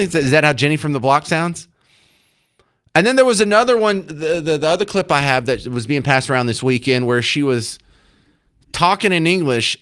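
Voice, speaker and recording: A man's voice: medium pitch, a bit bright. Sarcastic man hosting talk radio. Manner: sarcastic, mock-incredulous. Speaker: radio host.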